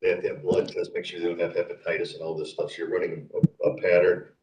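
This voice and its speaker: Low-voiced guy at a county meeting, talks loose and rambly, echoey room, mic kinda far. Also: monotone, fast, highs cut off, background noise. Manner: plainspoken, rambling with fillers. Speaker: county council member. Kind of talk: public meeting discussion.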